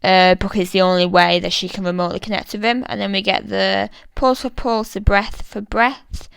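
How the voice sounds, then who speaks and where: A woman's voice: mid-range voice, fairly even intonation, moderate pace, gravelly, a bit bright, clean tone, low-quality recording. A British woman giving a casual, thoughtful analysis of a poem, chatty and full of fillers. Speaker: literature explainer.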